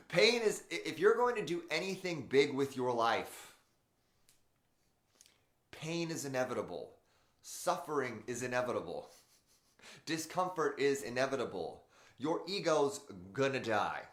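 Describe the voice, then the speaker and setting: A man's voice: mid-range voice, big pitch swings, a little slow, long pauses. Emphatic man hosting a motivational live stream. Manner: emphatic, swears, addresses live viewers. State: in pain, wearing back brace. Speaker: motivational show host. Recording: roomy echo.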